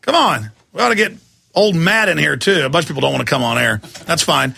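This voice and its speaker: A man hosting a live talk radio show, loud and hyped, shouting during a fundraising pitch. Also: lively intonation, fast, gravelly, breathy edge.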